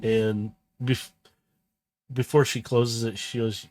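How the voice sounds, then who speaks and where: A man's voice: medium pitch, little pitch movement, slow pace, darkish tone. Casual man narrating as game master. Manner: casual, rambling, self-correcting. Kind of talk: narrating a tabletop role-play game.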